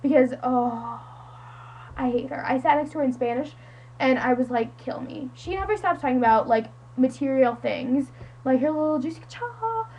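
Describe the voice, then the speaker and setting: A woman's voice: high voice, expressive, normal speed, darkish tone, slightly rough, dull audio. A teenage girl from the United States telling a friend a story in a casual, dramatic, self-mocking way, full of "like". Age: teens. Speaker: vlogger.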